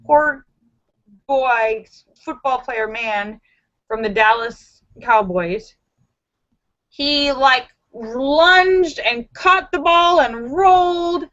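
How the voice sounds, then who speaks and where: A woman hosting a casual live-stream chat, talking in an animated, emphatic, sassy way. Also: sits high, highs cut off. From Los Angeles area. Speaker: livestream host.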